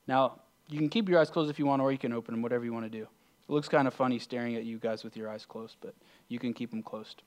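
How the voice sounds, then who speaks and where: A man delivering a sermon in a church, with a voice of ordinary pitch. He talks earnestly, rising to loud calls, then dropping to a hushed, slow near-whisper as he paints a scene for his listeners. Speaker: pastor. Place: church sanctuary.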